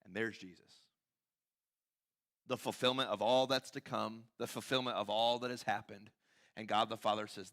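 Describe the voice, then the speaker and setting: A man preaching a sermon in a church, talking conversationally, acting out quoted voices and often dropping to quiet emphasis. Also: on the low side, fairly even intonation, normal speed, long pauses. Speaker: pastor. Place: church sanctuary.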